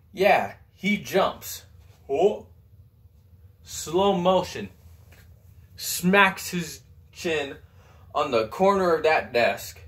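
A teenage man performing a comic monologue as a student actor, telling a story with sudden loud outbursts. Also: fairly high pitch. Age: teens.

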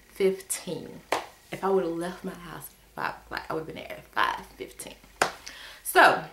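A woman casually telling a story to her viewers in a vlog, retelling it with exasperated, animated energy. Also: roomy sound. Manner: animated, exasperated retelling with sudden pitch jumps.

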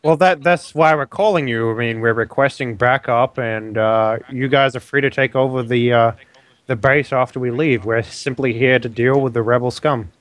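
A man's voice: medium pitch, normal speed, no room sound. A man playing his character in a casual tabletop game, joking and crude. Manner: joking, crude, laughing often. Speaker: player. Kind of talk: casual tabletop role-play.

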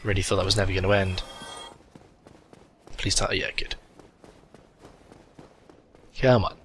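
A man's voice: low voice, completely flat delivery, normal speed, fairly bright tone, a little hiss or hum. A young man giving sardonic, crude gaming commentary, his voice cracking a bit. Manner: sardonic, crude, swears a lot. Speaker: let's play host.

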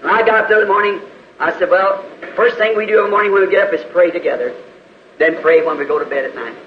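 A man's voice: sits high, fast. A man in his fifties with a Southern US accent, preaching a storytelling sermon in a folksy way and rising to pleading prayer. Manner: folksy, acts out quoted voices, rises to pleading prayer. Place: church auditorium. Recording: lo-fi 1960s church tape, roomy, faint hiss.

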